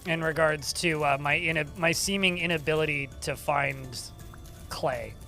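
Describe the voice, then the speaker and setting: A man's voice: a little high, a little slow, creaky, sharp tone, soft background music. Sarcastic, swearing game streamer man. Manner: sarcastic, swears freely, talks to chat. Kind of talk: casual live-stream chat.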